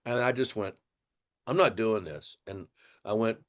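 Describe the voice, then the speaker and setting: An older man from Texas, a drummer, telling an animated story in an interview and acting out the voices of others. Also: lowish voice, a little slow. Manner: animated storyteller, acts out voices, laughs often. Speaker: guest drummer.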